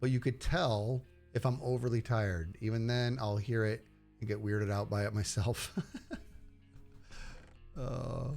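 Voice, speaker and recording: A man's voice: mid-range voice, unhurried, vocal fry, pauses often, a little mellow. A middle-aged man chatting casually on a live game stream, rambling and chatty, often repeating words as he talks. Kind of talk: casual live-stream chat while gaming. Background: background music.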